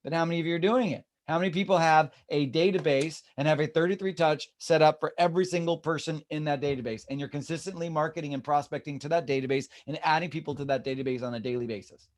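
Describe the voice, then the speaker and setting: A man's voice: on the high side, fast, few pauses. A man leading a real estate team meeting, talking animatedly and acting out the people he quotes. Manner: animated, acts out quoted voices.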